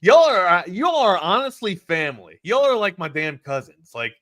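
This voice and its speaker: A man hosting a sports talk show, bantering casually with loud joking bursts and free swearing. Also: high voice, very animated, moderate pace, dry recording, studio quality.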